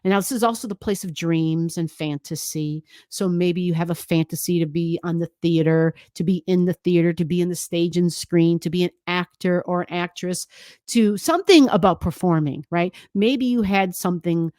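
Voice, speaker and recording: A woman's voice: on the low side, normal speed, dark tone, no room sound, clean studio sound. A woman astrologer giving a chatty, emphatic forecast, often adding "right?" as she goes.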